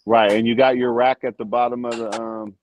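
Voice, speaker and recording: A man's voice: medium pitch, little pitch movement, brisk. A man hosting a casual livestream chat, joking around and laughing through easy banter over a video call. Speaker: livestream host. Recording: dull lo-fi sound with faint hiss.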